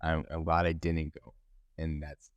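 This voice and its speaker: A man's voice: very deep voice, monotone, a little slow, no room sound, lo-fi sound. A man hosting his own podcast, talking casually and candidly, rambling with many restarts. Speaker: podcast host. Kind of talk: casual solo podcast monologue.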